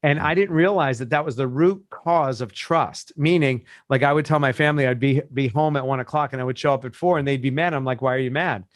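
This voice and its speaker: A man's voice: medium pitch, a little fast, few pauses, no room sound. Guy coach telling stories on a podcast, does the voices of people he quotes, dry sound. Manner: animated storyteller, acts out quoted voices. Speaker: business coach. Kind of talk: casual podcast chat.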